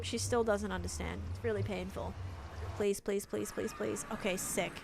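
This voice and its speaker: A woman's voice: normal speed, creaky, bright, forceful tone, slight background noise. A young woman chatting casually on a live game stream, reading chat aloud and talking as she builds. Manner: chatty, reads chat aloud, mimics a voice assistant in a higher voice. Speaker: livestream gamer.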